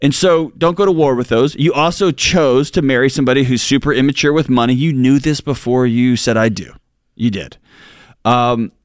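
A man's voice: medium pitch, no echo, clean studio sound. Earnest man giving advice. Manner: earnest, colloquial, uses y'all. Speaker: co-host of a money advice show. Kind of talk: casual radio advice talk.

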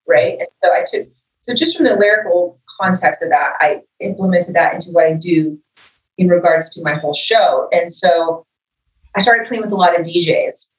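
A middle-aged woman, appearing as a guest musician, talks casually in an interview with a voice on the low side and a moderate pace. She brings her anecdotes to life by acting out quoted dialogue. Audio quality is poor, roomy, and far from the mic.

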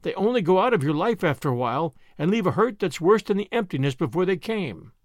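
A man's voice: sits high, very animated, fast talker, dry recording. Male narrator as a wistful middle-aged spinster, dramatic, in an audiobook, dry close sound.

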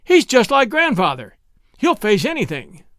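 A spirited, excitable young woman from an old storybook, put on by a male reader. The voice sits high and swings widely, and the lines tumble out in breathless bursts, all of it heard up close with no room around it. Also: normal speed, dry recording, full character voice. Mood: excited.

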